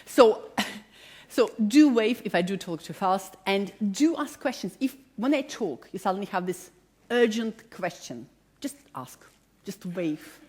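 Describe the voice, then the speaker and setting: A woman's voice: medium pitch, animated, a little slow, darkish tone. A woman in her forties with a non-native, slightly British-tinged accent, giving an enthusiastic talk to a live audience and speaking to them directly. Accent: non-native English with a slight British tinge. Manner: enthusiastic, self-deprecating, addresses audience directly. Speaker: positive psychology lecturer. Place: large public hall.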